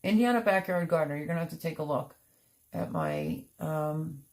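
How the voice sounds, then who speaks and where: A woman's voice: deep voice, lively intonation, moderate pace, a little mellow. A middle-aged woman hosting a gardening livestream, chatting casually and rambling, sounding tired out. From Pennsylvania. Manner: rambling, chatty, many fillers and restarts. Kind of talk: casual live-stream chat reading comments.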